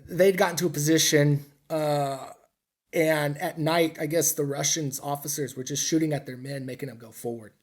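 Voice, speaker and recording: Speaking in a husky, mid-range voice, this middle-aged veteran from the United States recounts war stories as a guest on a podcast. The interview is casual, and his storytelling rambles along, blunt, foul-mouthed and poking fun at himself.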